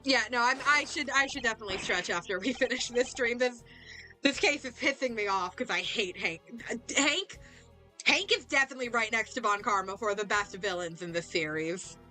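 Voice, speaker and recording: A young woman streaming a game, excitably yelling and laughing at what happens on screen. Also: on the high side, fairly quick. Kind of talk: live game playthrough commentary. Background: faint game music.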